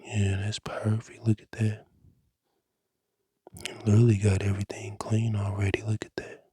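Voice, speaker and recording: A man whispering slowly through an ASMR cleaning video indoors, repeating the same short phrases over and over. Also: lowish voice, little pitch movement, dark tone, breathy edge, no echo, studio quality. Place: indoors at a rented home.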